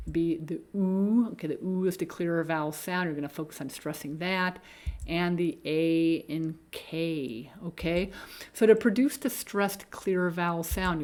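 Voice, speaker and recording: A woman coach talks through a pronunciation lesson at an unhurried, deliberate pace. Her voice sits fairly low for a woman, and she often pauses to check in with a quick "okay?". She sounds middle-aged. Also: a little mellow. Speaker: speech coach. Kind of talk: instructional video lesson.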